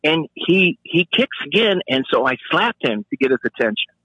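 A man, a former police officer and Marine, telling a profane story in an animated way and acting out the voices he quotes. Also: moderate pace, slightly rough, dry recording, muffled recording. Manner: profane, acts out quoted voices with sharp pitch jumps.

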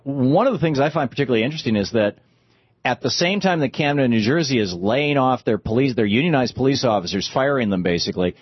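A man's voice: fairly low pitch, slightly rough, no room sound, highs cut off. A man hosting a talk show, chatting about politics in a rambling, conversational way with many fillers and restarts. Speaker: talk radio host. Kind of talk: casual political commentary.

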